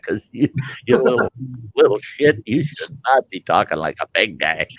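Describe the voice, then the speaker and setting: An older man on a livestream spins a blunt, salty anecdote in casual talk. His voice is gravelly, and his pitch leaps around as he plays every part. The sound is close and dry. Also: measured pace, no room sound. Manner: blunt, animated storyteller acting out both sides. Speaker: livestream host. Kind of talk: casual storytelling.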